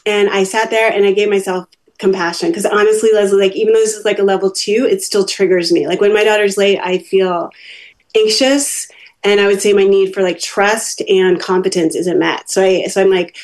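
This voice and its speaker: A woman's voice: mid-range voice, normal speed. A middle-aged woman, a parent coach, telling a story in a casual interview and acting out what people said. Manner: animated storyteller, acts out quotes.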